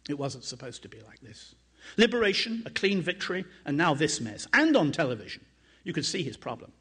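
A man reads passages from his own book aloud, his voice somewhat high for a man and noticeably husky. He takes a measured, dramatic pace and lifts his pitch whenever he voices a quoted line. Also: big pitch swings, fairly bright tone. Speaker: author and journalist.

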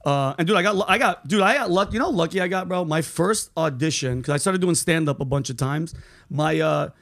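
Brief: male podcast host, loose profane storyteller, a bit high-voiced. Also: brisk, gravelly. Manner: profane, animated storyteller, says bro and dude.

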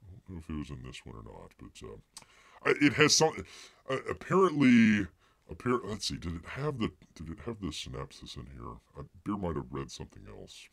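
A man's voice: sits low, wildly swooping pitch, brisk, gravelly, fairly bright tone, dry recording. A man hosting a live stream and reviewing comics, rambling with many fillers and speaking of himself in the third person. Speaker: livestream host reviewing comics. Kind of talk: casual live-stream chat.

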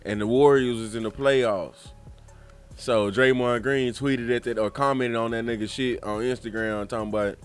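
A man's voice: medium pitch, normal speed, clear, resonant tone, faint music behind. A man hosting a podcast in casual, profane chat, acting out quotes with gusto. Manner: animated, profane, quotes clips with relish. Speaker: podcast host.

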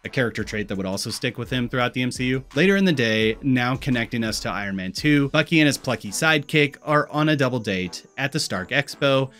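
Brief: man, Missouri accent, scripted movie commentary, wry and sarcastic, soft music bed. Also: mid-range voice, animated, fast, hardly any pauses. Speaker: YouTube film commentator. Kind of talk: scripted video-essay commentary.

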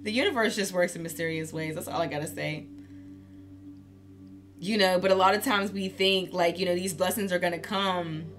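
A woman's voice: lowish voice, moderate pace, faint music behind. A woman giving a casual tarot reading, candid and profane, laughing often as she talks. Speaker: tarot reader.

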